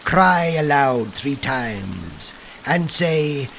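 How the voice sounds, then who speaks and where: A man voicing a solemn spirit of a well, giving commands in a low, slow voice. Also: very animated, vocal fry, fairly bright tone, slight background noise, full character voice.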